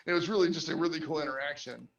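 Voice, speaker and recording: A man's voice: fairly high pitch, rapid-fire, creaky, a bit bright. A man who runs tabletop games, chatting casually as a guest and rambling with frequent restarts. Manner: rambling, restarts often, laughs between points. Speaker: guest game master. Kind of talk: casual podcast chat. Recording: echoey distant dull-sounding audio.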